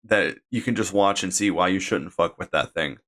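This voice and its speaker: A man with a low voice hosts a casual podcast. He talks in an easygoing way and chuckles between remarks. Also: moderate pace, fairly bright tone. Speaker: podcast host.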